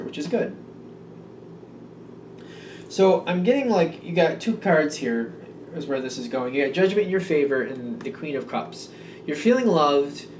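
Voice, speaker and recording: A man's voice: a little high, a little mellow, distant mic, slight background noise. A man giving a casual tarot reading, musing and rambling with many fillers and restatements. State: yawning, a bit drowsy. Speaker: tarot reader. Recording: roomy sound from off the mic.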